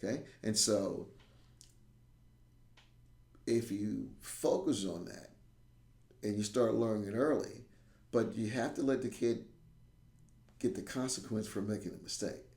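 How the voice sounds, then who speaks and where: Man, karate teacher, animated storyteller, low voice, roomy echoey room. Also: a little slow, pauses often. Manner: animated, acts out quotes, checks in with "right?". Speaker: guest, karate instructor. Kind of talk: casual storytelling in a podcast interview.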